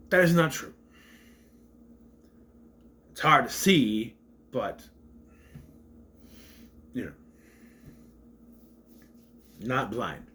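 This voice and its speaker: A man's voice: mid-range voice, expressive, takes it slowly, pauses often, sharp tone. A man giving a casual, rambling movie rant, with a slight stutter, acting out quotes in raised voices. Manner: mentions a stutter. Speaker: movie reviewer.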